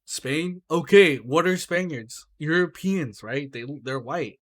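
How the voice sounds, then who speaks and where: Speaking slowly in a voice on the high side, a podcast co-host gets worked up during casual chat. He's animated, curses, and leans constantly on "right?" and "bro."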